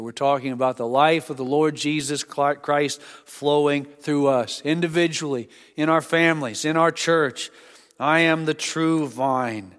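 Earnest pastor in a reverberant hall. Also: male voice, mid-range voice. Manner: earnest, drops to a hush at key lines. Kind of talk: sermon and closing prayer. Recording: long reverb of a church hall.

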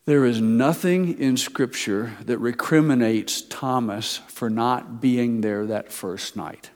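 A man preaching a sermon, retelling a story, swinging between loud emphasis and soft, slow asides. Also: mid-range voice. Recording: long hall reverb.

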